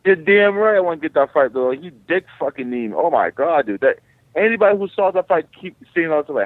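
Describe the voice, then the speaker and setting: A man who is a guest fighter, telling stories in an animated, profane, casual way. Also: a little high, fairly quick, no echo. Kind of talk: casual interview. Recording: tinny phone line.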